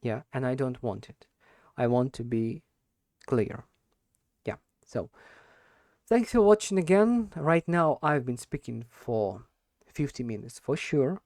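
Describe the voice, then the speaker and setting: A man records himself practicing spoken English, speaking slowly and stressing certain words. His voice is mellow and gravelly, with a dry, close sound. He hesitates often and repeats words while he hunts for the right one. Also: mid-range voice, big pitch swings, no echo. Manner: deliberately slow with stressed words. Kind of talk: unscripted speaking practice monologue.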